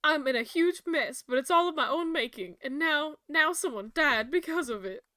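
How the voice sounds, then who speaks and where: A nervous, ashamed young club owner with a British accent pours out her troubles in a high, bright voice, as a woman puts her on while reading a mystery game. The sound is close and dry, with faint music behind. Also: lively intonation, normal speed, no room sound. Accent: British (put on).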